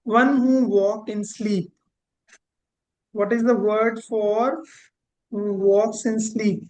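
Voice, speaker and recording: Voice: mid-range voice, steady tone, drawn-out words, a little mellow, rough recording. A teacher giving a vocabulary lesson, repeating each word and drawing out key terms. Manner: repeats words, spells them out and drags out key terms. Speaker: English teacher.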